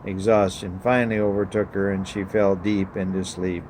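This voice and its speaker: Male preacher, low voice, measured reading, faint room hum behind. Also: little pitch movement. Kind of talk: read story and sermon.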